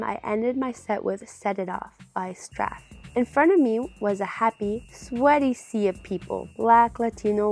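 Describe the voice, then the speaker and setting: A young woman reading a memoir aloud in a steady narrating voice, now and then dropping in a casual aside. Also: mid-range voice. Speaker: reader of a memoir.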